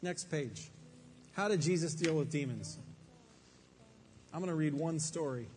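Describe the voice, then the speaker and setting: A man's voice: a little high, lively intonation, a little slow, darkish tone. A man preaching a Bible teaching to a room full of people, conversational and emphatic, with rhetorical questions. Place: room with an audience. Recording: faint reverb and background noise.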